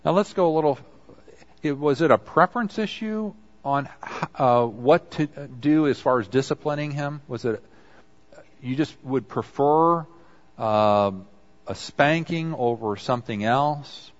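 A man's voice: medium pitch, a little slow, muffled recording. A man preaching a conversational sermon, acting out quoted apologies as he goes. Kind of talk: sermon on confession.

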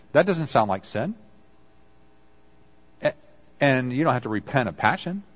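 A man's voice: medium pitch, big pitch swings, a little slow, long pauses, husky, dull audio. A man preaching a conversational sermon, acting out quoted apologies as he goes. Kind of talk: sermon on confession.

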